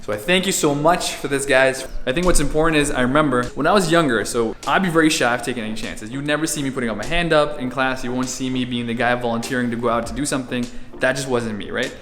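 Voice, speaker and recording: A man doing virtual stand-up, telling stories animatedly with bursts of shouting and laughter. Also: medium pitch, fast, echoey room, faint music behind. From India. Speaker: stand-up comedian. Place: room, performing over a video call. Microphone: video call.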